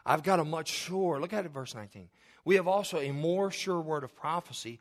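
A man's voice: on the high side, lively intonation, a little fast. Preacher man telling a story. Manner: storytelling preacher, building to emphatic, rising delivery. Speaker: pastor. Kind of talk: sermon.

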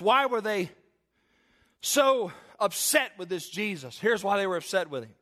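A man's voice: high-pitched, a bit bright. A male preacher delivering a sermon, emphatic and repetitive, telling stories to make his point.

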